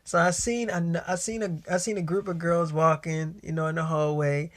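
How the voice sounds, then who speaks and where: A man's voice: on the high side, flat delivery, moderate pace, a bit bright. A man telling a personal story in a casual, slangy way, full of profanity and quoted back-and-forth dialogue.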